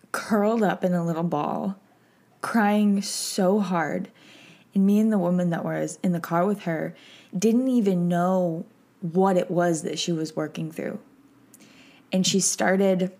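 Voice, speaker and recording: Slow-spoken tearful woman podcaster. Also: fairly low pitch, mellow. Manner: slow, emotional, tearful at times. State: teary. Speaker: podcast host. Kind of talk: personal reflective monologue.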